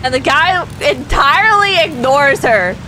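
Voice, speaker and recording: High-voiced woman telling a story. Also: measured pace, heavy background noise. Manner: animated, laughing, swearing freely. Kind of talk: casual storytelling on a stream.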